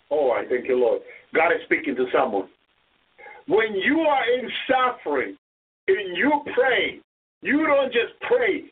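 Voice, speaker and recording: Male preacher, fervent sermon, high and slow delivery, husky tone. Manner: fervent, repeats praise words, rises to shouted crying. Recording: distant, tinny phone-like sound.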